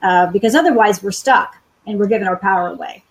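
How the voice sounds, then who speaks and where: A woman's voice: mid-range voice, fast, poor audio. Reflective woman with a mid-range voice. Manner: thoughtful, many fillers and restarts. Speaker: guest coach. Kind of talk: reflective chat on a live webinar.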